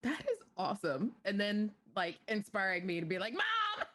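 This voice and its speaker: A woman's voice: medium pitch, moderate pace. A woman hosting a podcast interview, chatting casually, with playful interjections and frequent giggles. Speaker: podcast host.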